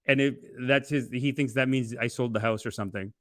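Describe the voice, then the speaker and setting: Male streamer, animated ranting with sudden outbursts, dry close mic. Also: medium pitch, fairly quick, few pauses, no room sound. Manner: animated, swings between loud outbursts and muttering. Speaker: livestream host. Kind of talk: casual livestream chat reading donations.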